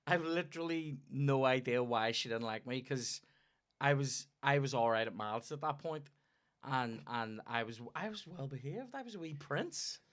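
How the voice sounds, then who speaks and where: Northern Irish man, comedy podcast storyteller, salty and animated, mid-range voice. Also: mid-range voice, moderate pace. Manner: sweary, animated anecdote-telling. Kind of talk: casual banter and storytelling.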